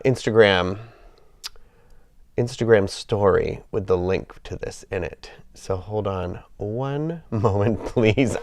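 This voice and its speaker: A man's voice: lowish voice, no echo. A man with a stuffed-up nose chatting casually on a live gaming stream, rambling and apologetic. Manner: rambling, apologetic, self-deprecating. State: stuffed up with a cold.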